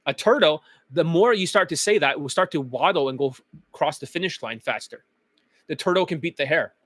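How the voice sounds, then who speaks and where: A man's voice: on the high side, animated, a little fast, fairly bright tone, no room sound. A male dating coach delivering a blunt, profane motivational monologue, chanting phrases over and over.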